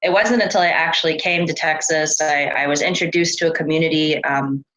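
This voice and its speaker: A woman from California, a guest on an interview show, telling stories in a chatty, relaxed way with loose fillers. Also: low-pitched, brisk, low-quality recording. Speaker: interview guest, experiencer researcher. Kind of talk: casual conversational storytelling.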